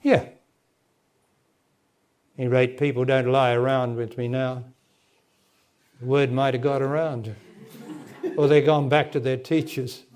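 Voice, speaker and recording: A man's voice: mid-range voice, level tone, a little slow, long pauses, a little mellow. A man in his sixties, a spiritual teacher talking directly to a gathering and answering a question in plain words. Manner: direct, plain-spoken, laughs often. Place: meeting hall with audience. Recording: remastered 1998 talk recording.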